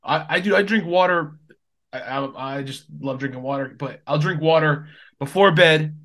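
A man's voice: fairly high pitch, moderate pace, a bit bright. A man, a plumber guesting on a podcast, bantering in a laid-back, profane way. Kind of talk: casual chat.

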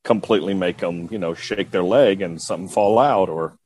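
A man in casual chat, calmly explaining his view on entertainment in haunted attractions. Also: low voice, fairly quick.

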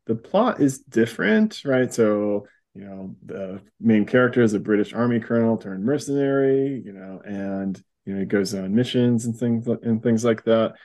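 A man hosting a podcast, recapping a comic in a casual chat, chuckling often and filling pauses with ums. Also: on the low side, darkish tone. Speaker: podcast host.

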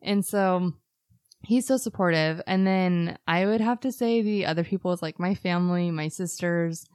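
A woman's voice: on the low side, moderate pace, smooth, no echo. Woman, podcast co-host, casual chat, laughs often, dry close mic. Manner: relaxed, filler-heavy, laughs often.

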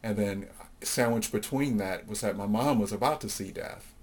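Low-voiced man telling his life story. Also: moderate pace, husky. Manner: reflective storytelling, many fillers, acts out quoted voices. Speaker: interview guest. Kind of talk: personal life story in an interview.

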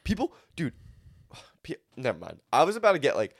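A man's voice: on the high side, wildly swooping pitch, moderate pace, dry recording, studio quality. A young man co-hosting a podcast in casual chat, laid-back and full of slang and swearing. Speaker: podcast co-host.

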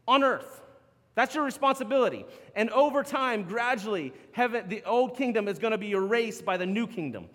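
A man with a fairly high voice preaches a sermon, casual and animated, breaking into laughter between points. His voice rings with a long reverb, like a church sanctuary. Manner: animated, chatty, laughs often. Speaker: pastor.

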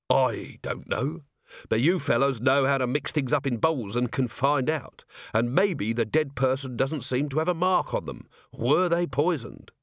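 A man voicing a weary, blunt watch commander with a dry, deadpan manner, in an audiobook reading. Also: medium pitch, no echo. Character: weary gruff middle-aged male city watch commander. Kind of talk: audiobook character voice.

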